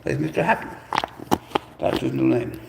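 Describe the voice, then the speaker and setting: A man's voice: medium pitch, moderate pace, gravelly, heavy background noise. A man hosting a casual live stream, talking playfully and coaxingly to his pet cat and calling it bro. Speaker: pet owner and channel host.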